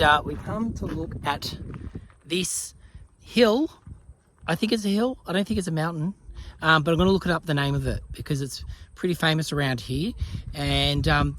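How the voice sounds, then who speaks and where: A chatty Australian man narrating a casual travel vlog outdoors in a country town, excitable and laughing often. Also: on the high side. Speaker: vlogger. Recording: noisy outdoor handheld recording.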